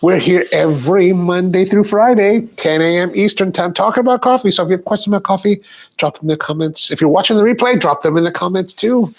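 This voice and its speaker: A man's voice: high-pitched, fast talker. A stuffed-up man hosting a casual live coffee show, chatting straight to his viewers. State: stuffed-up sinuses. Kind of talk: casual live-stream chat.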